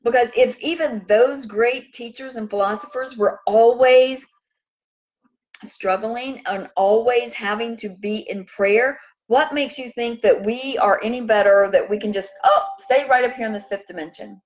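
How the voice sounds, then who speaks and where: A woman speaks in a chatty, rambling way, hosting an informal talk on spiritual growth. Her voice sits a little high. The recording is dull and lo-fi. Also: measured pace. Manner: chatty, rambling, animated when quoting others. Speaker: host.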